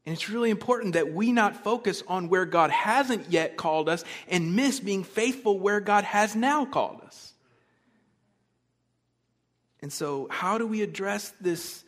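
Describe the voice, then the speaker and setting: A man preaching a sermon as pastor, conversational, swinging between loud emphasis and soft, quiet asides. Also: high voice, expressive, moderate pace.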